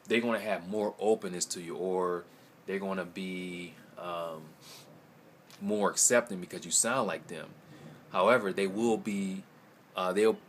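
A man's voice: low voice, fairly bright tone, a little hiss or hum. A man, a language-learning vlogger, giving a casual video response in a rambling, hesitant way, with many ums and repeated words. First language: English.

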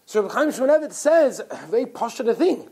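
Man, rabbi, Torah lecture, high voice, lively swooping pitch, animated storyteller. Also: normal speed. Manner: animated, repeats words while telling stories. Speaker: rabbi giving a Torah talk.

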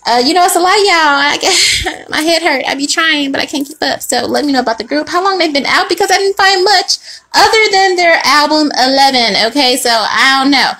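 A woman's voice: high voice, animated, brisk, sharp tone. A young woman reading tarot in a casual, slangy chat, laughing often as she talks to her viewers. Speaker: tarot reader.

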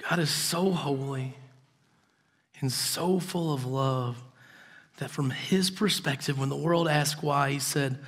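A man preaching a sermon as pastor, telling a story earnestly and often dropping to soft, intense tones. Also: mid-range voice, takes it slowly. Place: church.

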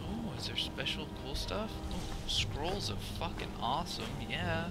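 Excitable man swearing through gameplay. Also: a little high, measured pace, loud music behind the voice. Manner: profane, excitable, thinks out loud, yelps at scares. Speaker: let's play gamer. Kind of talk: live gameplay commentary. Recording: loud game sounds under voice.

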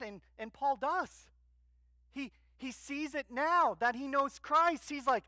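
A man's voice: very high-pitched, slow pace, bright, forceful tone, dry recording. A male pastor preaching a sermon in a church, emphatic, asking the congregation questions and answering them himself.

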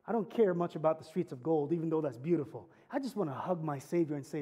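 Fervent high-voiced preacher, dark tone. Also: male voice, animated, fast talker, few pauses, breathy edge. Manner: earnest preaching with rising emphatic climaxes; conversational storytelling with humor. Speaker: pastor. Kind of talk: sermon.

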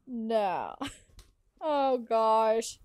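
High-voiced giggly woman streamer. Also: darkish tone, dry recording. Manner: giggly, chatty, yawning between sentences. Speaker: streamer and game host. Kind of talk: casual livestream chat while playing.

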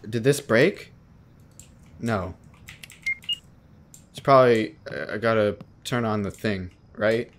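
A young gaming video host does jumpy, slangy horror game commentary, yelping when startled, talking back to the game and repeatedly saying dude and bro. His voice is on the low side, slow with long pauses, over a noisy background.

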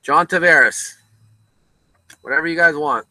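A man's voice: on the high side, unhurried, sharp tone, no echo, low-quality recording. A man hosting a casual card break from a card shop, chatting with viewers by name as he calls out each card.

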